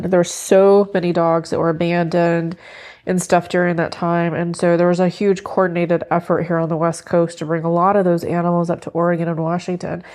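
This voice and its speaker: Woman, 50s, lifestyle vlogger, casual and reflective chat, lower voice, mellow timbre. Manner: chatty, reflective, tearful at times, baby-talks to her dog. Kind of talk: casual vlog talk to camera.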